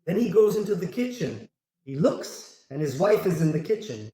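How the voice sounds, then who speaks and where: A man reading a string of short jokes aloud in a flat, scripted way. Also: high voice, normal speed, reverberant, rough recording. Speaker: joke narrator.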